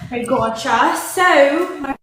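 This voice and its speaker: A woman's voice: high-pitched, lively intonation, slow, a bit bright. A young woman co-hosting a livestream, answering a caller with hesitant, filler-heavy chat. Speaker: livestream co-host. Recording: echoey room with faint noise.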